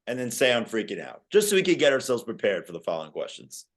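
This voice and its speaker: A young man hosts a casual sports chat, his pitch rising and falling a lot as he talks. He fires questions at his co-host in an easygoing way. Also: fast. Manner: lively, quizzing his co-host. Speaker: podcast co-host.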